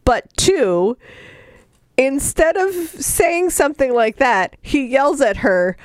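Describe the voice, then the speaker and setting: A woman's voice: high voice, lively intonation, slow pace, dry recording, studio quality. A woman co-hosting a podcast, casually retelling a book's plot with sarcasm and mock voices. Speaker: podcast co-host recapping a book. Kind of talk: casual chat.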